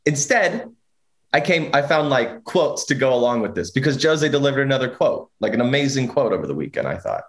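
A man hosting a sports talk segment in loose, casual chat. He teases, laughs often and talks along freely. His voice sits in an ordinary middle pitch. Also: expressive, a little fast. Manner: laughs often, teasing, chatty.

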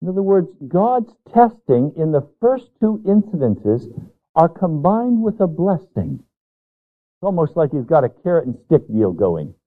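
A pastor delivers an earnest Bible sermon in a slightly high voice, leaning on his words and drawing them out for emphasis. The sound is thin and tinny, like it comes over a phone line. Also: very animated, a little slow.

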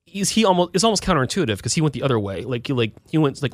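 Man, army veteran, thirties, quick rambling talk, dry close sound. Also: medium pitch, sing-song, dry recording. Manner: rambling, frequent fillers and restarts. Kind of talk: casual conversational storytelling.

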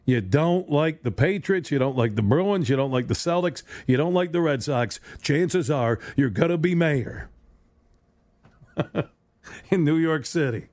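Male sports radio host, slightly high-pitched, dry close studio mic, sarcastic rambling solo talk. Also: animated, measured pace, darkish tone, no echo. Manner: rambling, sarcastic, stumbling restarts. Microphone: studio microphone.

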